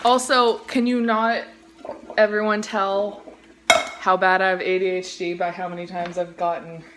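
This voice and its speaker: Cooking at home and filming on a phone held in one hand, a young Central Valley vlogger with a Californian accent tells a casual story. Her medium-pitched voice is level and at a normal speed, with background noise around her. She gets sidetracked easily, rambles, fills gaps with "like," and swears offhandedly.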